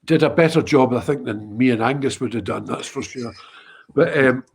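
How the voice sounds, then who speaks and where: A Scottish man telling a lively anecdote in casual conversation, with frequent restarts. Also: mid-range voice, moderate pace, vocal fry, husky. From Scotland. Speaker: guest musician. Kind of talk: anecdote told in casual chat.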